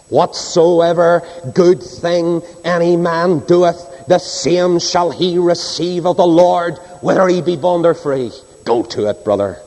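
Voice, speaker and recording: A man preaching a sermon and reading scripture, swinging between soaring high cries and low hushed drops. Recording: long hall reverb.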